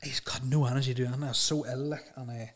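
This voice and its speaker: A man telling a rambling, animated story in casual chat, laughing and swearing as he goes. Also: mid-range voice, racing. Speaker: podcast guest telling stories.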